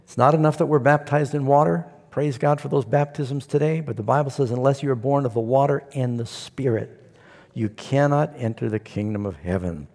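A man preaching a sermon to a congregation, telling a story with animated asides. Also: medium pitch, normal speed, gravelly. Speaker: pastor. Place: church hall before a congregation. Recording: long hall reverb.

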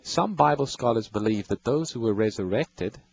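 Radio bible host, male, husky voice, patient explainer. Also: medium pitch, animated, normal speed, low-quality recording. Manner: patient, explanatory, reads verses aloud. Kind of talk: explaining scripture to callers.

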